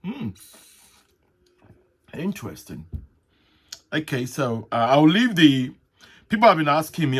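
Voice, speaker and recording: A man hosting a casual solo talk show, rambling and halting, with frequent restarts and soft chuckles. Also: mid-range voice, expressive. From Nigeria. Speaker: host. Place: at home, with tea.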